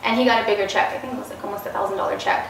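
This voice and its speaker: A woman's voice: medium pitch, steady tone, very fast, vocal fry. A woman guest in a casual interview, telling stories animatedly and acting out the quoted dialogue. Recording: roomy, distant mic, faint noise.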